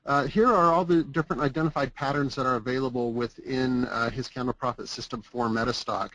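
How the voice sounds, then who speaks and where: A man hosts a software webinar at a middling pitch, filling his talk with hesitant fillers. The sound is dry and close. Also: fairly even intonation, fairly quick, dry recording, low-quality recording. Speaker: webinar host. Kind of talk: product presentation.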